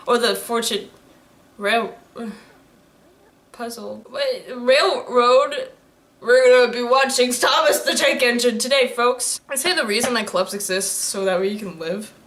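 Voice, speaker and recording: This young adult woman, an anime reaction YouTuber, speaks with a fairly high pitch and a fairly bright tone. Her commentary is casual and rambling, and she giggles a lot, laughing often and cracking jokes at what's on screen.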